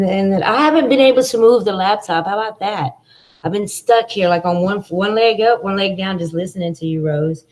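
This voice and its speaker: A woman's voice: mid-range voice, darkish tone, rough recording. Fields: Sex: woman. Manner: effusive, heartfelt. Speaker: livestream host. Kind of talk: emotional live chat.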